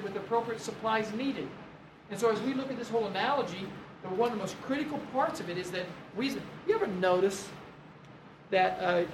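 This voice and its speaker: Male pastor preaching. Earnest storyteller, heard from a distance, echoey room, background noise. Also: high voice. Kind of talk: sermon. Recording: roomy, distant mic, noisy room.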